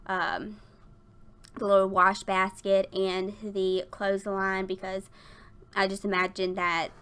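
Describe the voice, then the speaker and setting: A woman's voice: medium pitch, monotone, takes it slowly, fairly bright tone, clear, resonant tone. A young woman talking over her build in a chatty, rambling way with lots of fillers and giggles, a little out of breath. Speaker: Sims builder YouTuber. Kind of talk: casual voiceover chat. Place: at her desk at work.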